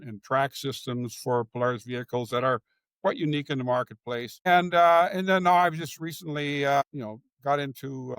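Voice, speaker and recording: A man's voice: mid-range voice, smooth, dry recording. An older man, a former executive, telling stories in a conversational interview, often restarting his sentences. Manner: storytelling with frequent restarts.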